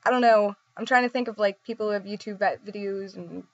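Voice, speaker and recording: Young woman, casual vlogger, rambling and giggly, middling pitch, dry lo-fi recording. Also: a little fast, no room sound. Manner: rambling, giggly, self-deprecating. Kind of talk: casual chat.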